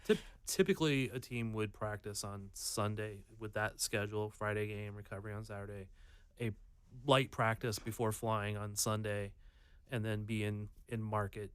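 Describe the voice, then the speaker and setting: Lowish-voiced man, thinking aloud. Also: fairly even intonation, moderate pace, fairly bright tone, clean tone, no room sound. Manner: hesitant, restarts and thinks aloud. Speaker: podcast co-host. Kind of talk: casual sports chat.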